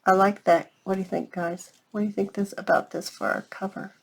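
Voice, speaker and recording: This craft vlogger talks briskly in a steady, medium-pitched voice with vocal fry. She chats to her viewers as she works on a project, thinking aloud in a casual tutorial style.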